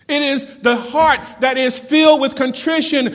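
Male pastor, high voice, fervent sermon delivery, reverberant hall. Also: fairly even intonation. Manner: fervent preaching with dramatic pauses and swings in loudness.

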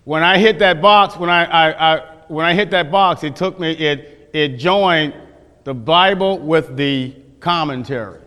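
A man's voice: fairly high pitch, measured pace, a bit bright, clear, resonant tone. A man teaching a Bible class, folksy, questioning his listeners, often restarting his sentences. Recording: echoey hall.

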